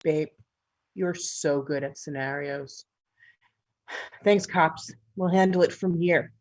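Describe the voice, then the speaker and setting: A cocky federal agent who dismisses the local cops and flirts with her partner, read by a woman. Her voice sits fairly low. A comedic staged play reading. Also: takes it slowly, a little mellow. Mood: smug.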